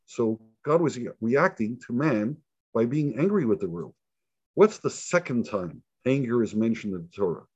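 A man's voice: medium pitch, moderate pace, breathy edge, no echo. A man who is a rabbi teaching an informal Torah lesson, telling stories and acting out the dialogue with many repeats. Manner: animated storyteller who acts out dialogue and repeats himself. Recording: dull lo-fi sound.

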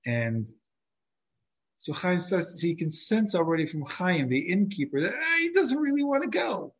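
A man teaching a class through lively, conversational storytelling, heard on a dull lo-fi recording. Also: sits high, a little slow. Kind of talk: animated storytelling lesson.

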